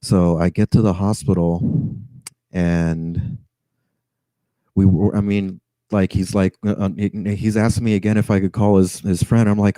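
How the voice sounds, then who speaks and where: A man on edge vents a long grievance, sighing, stammering and swearing. His voice sits low and very dark. The sound is close and dry. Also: little pitch movement, normal speed, dry recording, poor audio. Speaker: rideshare driver. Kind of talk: venting story to camera.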